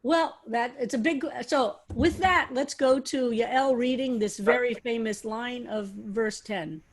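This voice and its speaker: A woman's voice: fairly high pitch, unhurried, a little hiss or hum. A woman rabbi leading a study class, talking animatedly and throwing out question after question, with frequent restarts. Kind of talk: teaching a text study class.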